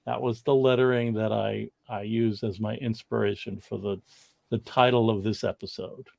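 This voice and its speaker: Man, gravelly voice, casual livestream co-host, rambling, reads out comments, laughs a lot. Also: on the low side, steady tone, moderate pace, a little mellow. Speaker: co-host of a comics history livestream.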